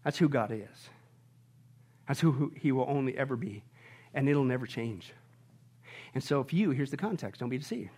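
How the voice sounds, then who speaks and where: A man preaching a sermon as a pastor, emphatic and repetitive, swinging from near-shouts down to hushed, low warnings and asking the congregation rhetorical questions. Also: lively intonation, normal speed, pauses often, breathy edge. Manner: emphatic, repeats phrases, rises to shouting and drops to hushed tones.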